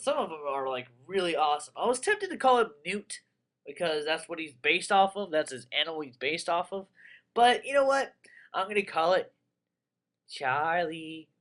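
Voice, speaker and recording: A young man giving casual, rambling commentary on a game he plays, excitable and full of crude jokes. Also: a little high. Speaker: let's player.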